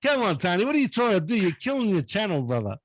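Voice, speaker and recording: A man ribs his fellow panelists in loose, casual banter and keeps saying "mate". His pitch swings a lot and sits a bit high. The sound is dry and close. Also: very animated, fast, no echo. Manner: teasing, loud, repeats "mate". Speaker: panelist on a hobby chat stream.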